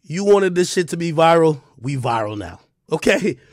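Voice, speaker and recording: Animated high-pitched man ranting. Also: normal speed, no echo, clean studio sound. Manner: loud, laughing, swings from shouts to mutters. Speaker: hip hop commentary streamer. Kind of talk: animated reaction commentary.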